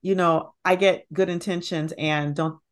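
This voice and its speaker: A middle-aged woman with a fairly low voice, speaking as an expert guest. She explains concepts in a thoughtful, conversational way and often pauses on fillers. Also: steady tone. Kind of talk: conversational interview.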